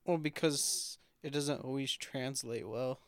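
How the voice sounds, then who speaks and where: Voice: medium pitch, a little slow, dry recording. A podcast co-host in casual chat, chiming in with short reactions and follow-up questions.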